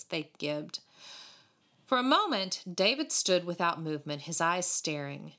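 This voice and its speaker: A woman narrates a storybook with a lot of movement in her voice, rising and falling through each sentence. Her voice sits on the low side, and her reading is animated and expressive. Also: unhurried. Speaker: audiobook reader.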